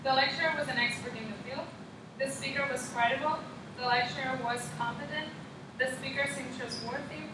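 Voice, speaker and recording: A young student practices a class presentation in a high, fairly even voice at a fairly quick pace, methodically reading out figures and lists. The mic is far off in an echoey room, and there's background noise.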